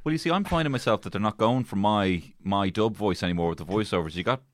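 A man's voice: lowish voice, quick pace, dry recording, studio quality. A man co-hosting an improvised comedy chat, tossing in playful mocking asides. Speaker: comedy podcast co-host.

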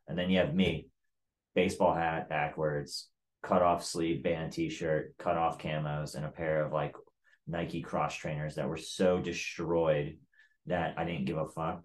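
A man's voice: extremely low pitch, little pitch movement, measured pace. A man telling a story in casual chat, blunt and profane, with lots of "like" in his talk.

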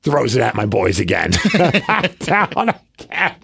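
A man co-hosting a podcast, telling a story in an excited, animated way and acting out the quotes. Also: mid-range voice, slow, creaky, breathy edge. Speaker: podcast co-host. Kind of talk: casual podcast chat.

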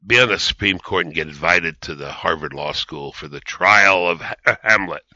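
Here the podcast host's voice is deep and sharp at a normal speed as he offers rambling, emphatic political commentary in a conversational style full of restarts. The studio recording is dry and slightly dull.

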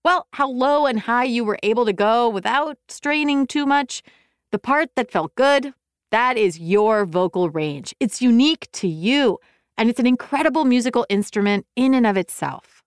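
A woman's voice: on the high side, lively intonation, moderate pace, clear, resonant tone, no room sound, studio quality. Upbeat lady teaching kids to sing, voice bounces all over, cheery to the folks at home. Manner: encouraging, talks to viewers at home. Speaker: music lesson host. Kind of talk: upbeat kids' music lesson.

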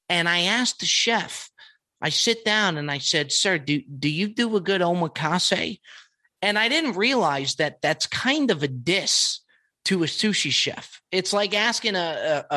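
Bright, excitable male podcast host. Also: on the high side. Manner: excitable, profane and repetitive. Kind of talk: casual storytelling monologue.

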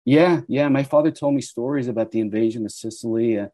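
A man in his sixties from the United States, a guest telling animated stories in an interview. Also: mid-range voice, quick pace, no room sound. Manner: animated storyteller who acts out quoted voices. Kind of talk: storytelling interview.

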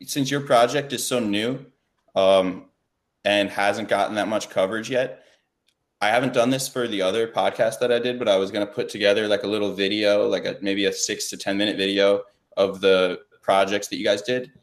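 A man hosting a podcast in a casual interview, speaking in a friendly, relaxed way with frequent "like" fillers. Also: fairly low pitch, normal speed. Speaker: podcast host.

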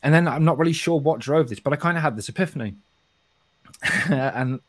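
A middle-aged man from England with a softened West Midlands accent, talking frankly and swearing often as a podcast co-host. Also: on the high side, a little fast, slight background noise. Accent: softened West Midlands English. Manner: frank and sweary, with frequent restarts. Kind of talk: casual podcast chat.

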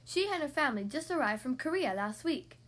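A woman's voice: sits high, animated, brisk, a bit bright. A woman voicing a friendly male schoolteacher introducing a new student to his class. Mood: welcoming.

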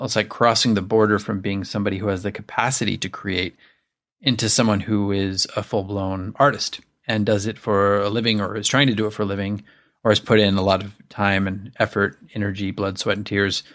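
A man hosts a solo podcast in a low-pitched voice. He talks in an earnest, reflective way, loose and conversational, with the odd filler. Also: level tone, brisk, a bit bright. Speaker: podcast host.

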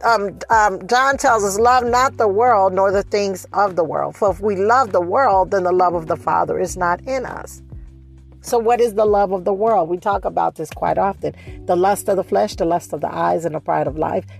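A woman preaching a sermon, speeding up and slowing down, stressing and repeating her phrases. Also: medium pitch, gravelly, breathy edge, faint music behind. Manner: preaching with shifting pace, rising emphasis and repeated phrases.

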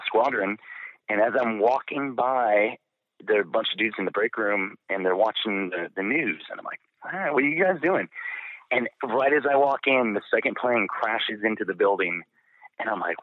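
Low-voiced middle-aged man, phone-thin sound. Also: no room sound. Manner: candid, rambling with fillers and restarts. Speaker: pararescue veteran guest. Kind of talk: storytelling in an interview. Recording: dry, phone-like narrow sound.

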